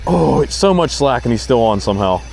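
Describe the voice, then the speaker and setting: Man on a river boat, mid-pitched, excitable fishing vlogger chatter over faint background noise. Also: fairly quick, gravelly. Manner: excited, talks to the fish. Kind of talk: casual narration while fishing.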